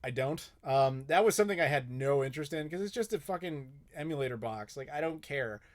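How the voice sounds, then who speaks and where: A man's voice: on the high side, animated, a little fast. A young man hosting a live Q&A, chatting casually and bluntly, swearing often and joking with viewers. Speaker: host.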